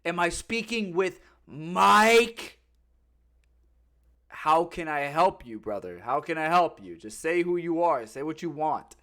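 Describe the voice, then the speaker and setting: He's a Florida podcast host with a fairly high voice, speaking at normal speed with few pauses. In casual chat he tells animated stories, swears often, and imitates the callers and others he talks about.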